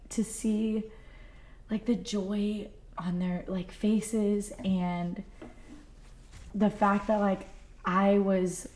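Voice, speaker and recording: A woman's voice: mid-range voice, dark tone. A young adult woman, a singer guest on a podcast, talking earnestly and from the heart with lots of "like" fillers. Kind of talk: casual podcast chat.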